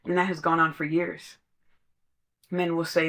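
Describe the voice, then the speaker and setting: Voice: mid-range voice, level tone, unhurried, a bit bright. A podcast speaker in casual spiritual talk, telling stories conversationally and laughing now and then.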